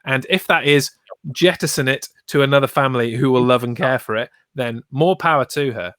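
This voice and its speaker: A man's voice: medium pitch, fairly quick, fairly bright tone, dry recording. A man co-hosting a podcast in casual chat, laid-back and wry, summing up the verdicts. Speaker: podcast co-host.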